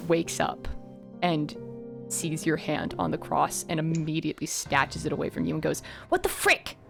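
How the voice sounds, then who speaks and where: Low-voiced woman narrating as game master. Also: level tone, moderate pace, creaky, music in the background.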